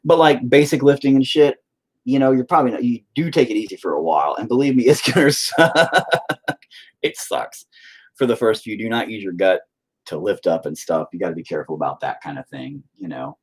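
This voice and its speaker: A man's voice: on the low side, lively intonation, brisk, slightly rough. Rambling, swearing man chatting while painting. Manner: profane, rambling, self-deprecating. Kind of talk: casual chat with viewers while painting.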